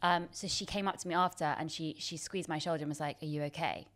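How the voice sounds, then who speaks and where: A woman's voice: fairly low pitch, steady tone, fast talker, a bit bright. Self-mocking woman telling a story. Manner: self-deprecating, laughs often, many restarts. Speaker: guest. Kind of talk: casual chat.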